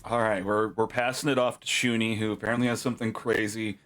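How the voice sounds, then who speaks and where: A man narrating as game master of a tabletop game, animated and quick to react with laughs and exclamations. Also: on the low side.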